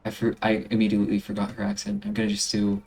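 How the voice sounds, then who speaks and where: A man's voice: lowish voice, big pitch swings, fast, vocal fry, a little mellow. A man with an American accent streaming casually, self-conscious and rambling.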